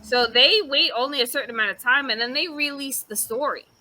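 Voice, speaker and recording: A woman's voice: high-pitched, a little fast, poor audio. A woman co-hosting a casual podcast, retelling a story with lots of swearing and acted-out quotes. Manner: animated storyteller, swears freely, acts out quotes. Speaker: podcast host.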